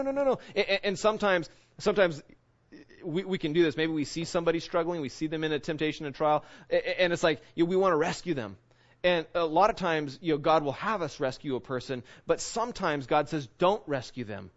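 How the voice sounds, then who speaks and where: Male pastor, earnest sermon delivery, slightly raised pitch, muffled lo-fi recording. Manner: earnest, often asks 'right?'; slows and drops low on key phrases.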